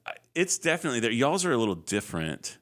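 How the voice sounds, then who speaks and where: A man co-hosting a podcast in casual chat, animated and laughing often. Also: medium pitch, fast. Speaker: podcast co-host.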